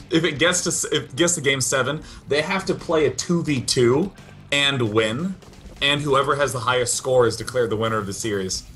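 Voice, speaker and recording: A man in his own everyday voice, co-commentating a live esports match. He is eager and joking, laughs easily, and keeps the talk lively. Faint music sits underneath. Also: mid-range voice, moderate pace. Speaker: esports co-caster.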